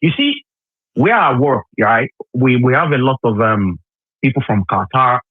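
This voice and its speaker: A man's voice: medium pitch, sing-song, a little slow, no echo. A Nigerian man on a call, emphatic and repeating himself in heated political chat. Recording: tinny phone line.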